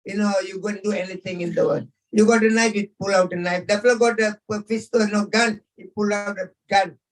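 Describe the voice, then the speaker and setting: A man voicing Krishna in a told story, a calm divine teacher laying down the law with simple examples. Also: high-pitched, a little fast, recorded from a distance, pitched above the performer's own voice, natural voice, poor audio. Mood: firm. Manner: firm, explaining with simple examples.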